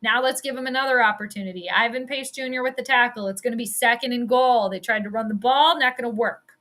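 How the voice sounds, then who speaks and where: A woman giving casual, excitable live play-by-play at home. She chats, swears freely and laughs often. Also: fairly high pitch, fast. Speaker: sports commentator and astrologer. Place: at home in the evening.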